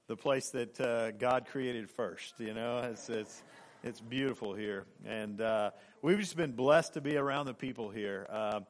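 A man in his forties from Oklahoma, a guest preacher giving a sermon and telling a story, halting with fillers and restarts. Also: mid-range voice.

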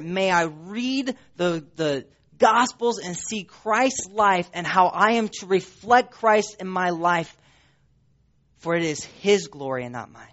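A man preaching a sermon with emphatic repetition, his voice swinging up and dropping low for stress. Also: a bit bright. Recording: dull lo-fi sound.

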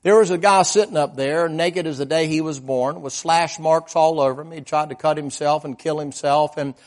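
Preaching at a normal speed in a steady tone, this man spins vivid, homespun stories and questions his congregation. He shifts from loud, forceful statements to hushed asides.

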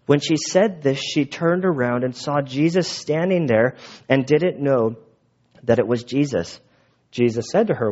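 A man's voice: medium pitch, measured pace, darkish tone. A man preaching a sermon in a casual, conversational way, retelling the text with asides. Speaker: pastor. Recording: dull lo-fi recording.

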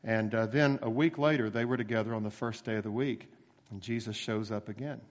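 A man preaching a sermon in a relaxed, conversational way, slowing down to stress key phrases. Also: lowish voice, long reverb tail. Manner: conversational storytelling with emphatic slowed phrases.

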